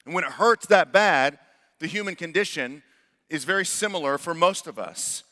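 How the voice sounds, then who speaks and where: A man's voice: a little high, expressive, moderate pace, pushed and bright, long reverb tail. A man preaching a sermon as pastor, earnest, building to emphatic rhetorical questions.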